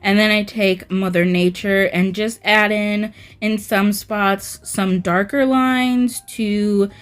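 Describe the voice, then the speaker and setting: A woman with a mid-range voice narrates a nail art tutorial in a slow, rambling voice-over packed with fillers like "um" and "like." Her tone is clear and resonant, with fairly even intonation.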